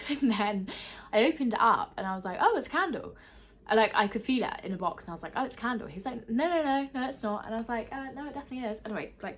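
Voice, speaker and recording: A young woman chatting casually in a beauty vlog from her bed, giggly and full of "like". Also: fairly low pitch. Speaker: beauty vlogger. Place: bedroom, in bed.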